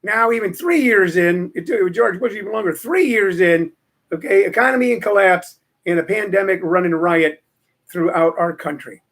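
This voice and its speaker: A middle-aged man with a high voice hosts a casual show, wandering from story to opinion. He repeats himself and fills pauses with "uh". His talk is loose and chatty. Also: a bit bright. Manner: rambling, opinionated, lots of fillers and repeats. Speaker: host.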